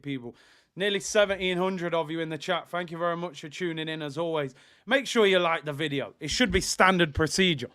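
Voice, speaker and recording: A young man hosting a live football watch-along, talking in casual slang and shouting excitedly at chances. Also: fairly high pitch.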